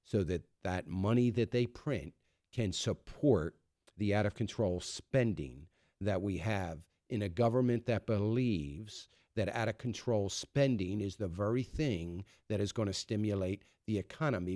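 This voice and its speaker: A man's voice: on the low side, a little slow, dark tone, no echo, clean studio sound. An American man hosting a radio talk show, giving sarcastic, opinionated commentary on economic news. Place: radio studio. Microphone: studio microphone.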